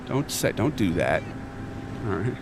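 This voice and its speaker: A man's voice: fairly low pitch, sing-song, measured pace, background noise. A young man streaming live and chatting casually, full of slang, rambling and reading chat aloud.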